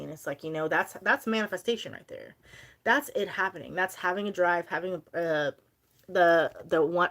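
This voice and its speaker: A woman's voice: lowish voice, moderate pace, fairly bright tone. Chatty young woman on a livestream. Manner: chatty, rambling, reads viewer comments aloud. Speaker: livestream host. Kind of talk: casual livestream chat.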